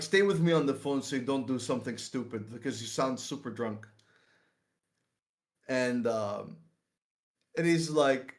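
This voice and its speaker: A young man telling a story casually on a livestream, full of slang, swearing and laughter. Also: mid-range voice. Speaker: streamer.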